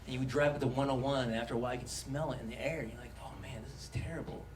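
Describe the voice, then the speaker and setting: A man's voice: medium pitch, rapid-fire, background noise. A man doing a stand-up comedy set in a club, swearing and acting out voices, with audience laughter. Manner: swearing, animated, acts out voices. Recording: echoey club recording from a distance.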